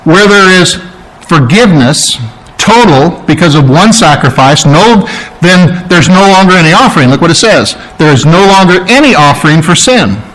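High-voiced man preaching a sermon. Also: lively intonation, moderate pace, a bit bright, poor audio. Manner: emphatic, conversational preaching with asides to the congregation. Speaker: pastor.

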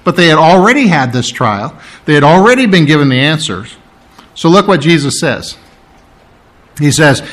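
A man's voice: fairly high pitch, big pitch swings, normal speed, pauses often, a bit bright. A man preaching a sermon, teaching through a Bible passage emphatically, reading its lines with dramatic emphasis.

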